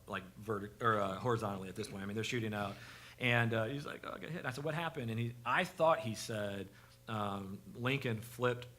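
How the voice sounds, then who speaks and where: A man on a church parenting panel, telling a story with a self-deprecating, halting delivery full of restarts. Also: lowish voice, pushed and bright.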